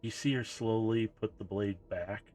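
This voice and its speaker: A man's voice: on the low side, steady tone, normal speed, a little mellow, faint music behind. A man running a tabletop game as game master, narrating loosely and casually.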